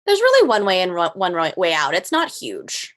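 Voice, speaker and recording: A woman narrating as game master of a tabletop game, relaxed and hesitant, with many fillers. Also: on the low side, moderate pace.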